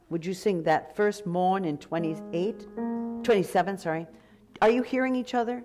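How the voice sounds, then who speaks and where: An older woman directing a choir rehearsal, coaching briskly and warmly, sometimes singing lines to demonstrate. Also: fairly low pitch, expressive. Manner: brisk, encouraging, gives sung demonstrations. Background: choir and piano music.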